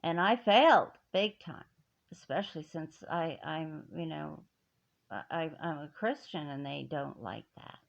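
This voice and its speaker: A woman's voice: sits low, measured pace, creaky. A middle-aged woman telling a personal grievance in an emphatic, indignant way, with many restarts. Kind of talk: personal story, speaking to camera. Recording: dull lo-fi audio.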